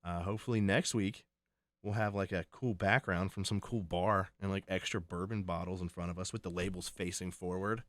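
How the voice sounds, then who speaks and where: A man's voice: deep voice, fairly even intonation, a little fast, a bit bright, no room sound. A man co-hosting a podcast, joking bluntly in casual chat. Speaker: podcast co-host.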